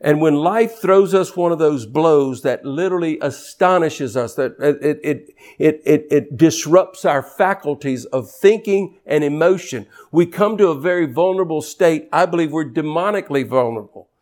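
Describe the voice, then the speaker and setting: A man preaches a passionate sermon at a normal speed with hardly any pauses. He repeats words to build his point, moving between low, quiet passages and high, rising emphasis.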